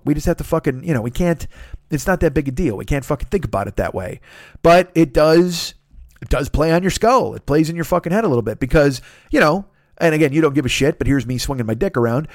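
Fast-talking profane podcast host, man. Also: on the high side, darkish tone, no room sound, studio quality. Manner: profane, rambling, self-deprecating. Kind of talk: solo podcast monologue.

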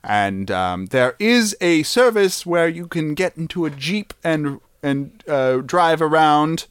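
Male podcast host, playful and jokey, lively pitch, dry close sound. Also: takes it slowly, smooth, no room sound. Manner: playful, joking, laughs often. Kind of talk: casual chat.

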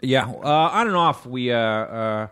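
A man's voice: medium pitch, lively intonation, measured pace, sharp tone, smooth. Easygoing laughing man, comedian guest. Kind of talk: casual chat.

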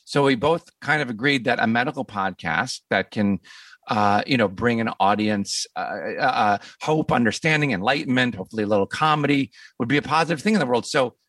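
A man's voice: mid-range voice, fairly quick, fairly bright tone, no echo, distant mic. A man hosting a podcast, chatting casually and enthusiastically, often repeating words as he rambles. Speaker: podcast host. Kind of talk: casual interview chat.

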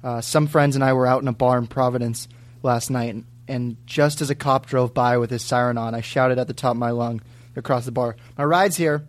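A man on a comedy podcast reading a listener's email aloud briskly, cracking up as he goes. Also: mid-range voice, flat delivery. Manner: reads briskly, breaks into laughter.

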